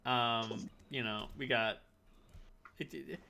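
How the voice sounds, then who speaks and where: A man narrating a tabletop game as game master, halting with many fillers and restarts. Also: mid-range voice, vocal fry, background noise.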